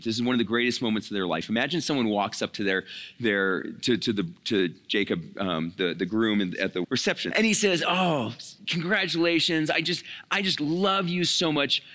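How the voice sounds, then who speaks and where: Young male youth pastor, casual storytelling sermon, halting and chatty. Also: lowish voice, fairly bright tone. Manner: storytelling, conversational, many restarts and fillers.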